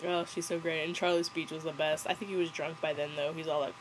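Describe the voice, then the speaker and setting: A woman's voice: deep voice, level tone, fast talker, hardly any pauses, noisy background. A young woman rambling through a casual, sarcastic movie review, giggling as she goes.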